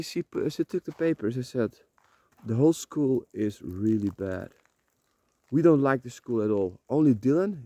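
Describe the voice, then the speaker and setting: Brief: man, mellow low-brightness tone, rambling confessional vlogger, repeats himself, swears freely, dry close sound. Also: no room sound. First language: Dutch. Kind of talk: emotional personal vlog monologue. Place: rented room.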